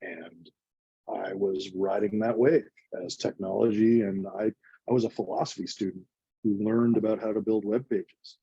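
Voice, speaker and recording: Husky dark-voiced guy in his 40s, earnest and chatty, dry muffled sound. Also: fairly low pitch, fairly even intonation, moderate pace, dry recording. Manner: earnest, emotional, chatty with many "like" fillers. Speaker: nonprofit co-founder guest. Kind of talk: reflective conversational storytelling.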